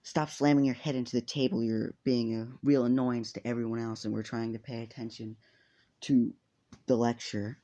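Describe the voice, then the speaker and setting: Brief: prim male student lecturing a classmate, mellow voice, narrator putting it on. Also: mid-range voice, flat delivery, normal speed, natural voice. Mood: stern scolding. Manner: formal, lecturing. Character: stern, rule-bound male student scolding a classmate.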